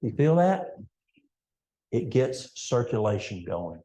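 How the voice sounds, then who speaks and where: A man's voice: medium pitch, very animated, slow pace, mellow, reverberant. An older man with an East Tennessee Appalachian accent, giving a folksy health seminar talk in a church and addressing the audience directly. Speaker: health educator.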